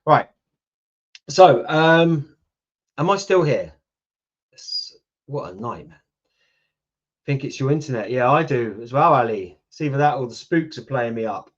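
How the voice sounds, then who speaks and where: A UK-born YouTube host in his fifties talks casually with his livestream viewers and answers what they write. His British-accented voice is medium in pitch with lively intonation, his pace measured, with long pauses. The sound is lo-fi.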